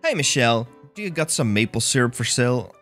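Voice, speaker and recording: A man's voice: medium pitch, big pitch swings, fast, fairly bright tone, soft background music. A man joking casually as he plays a game. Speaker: gaming streamer. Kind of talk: casual gameplay commentary.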